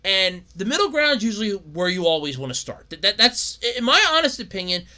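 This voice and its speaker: A man talks alone on his podcast in a loose, rambling way, stumbling over restarts and circling back to the same point. His voice sits a little high and very bright, and it swings up and down freely. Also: sing-song, fairly quick. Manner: rambling, repeats himself, stammering restarts. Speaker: podcast host. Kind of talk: casual solo podcast rant.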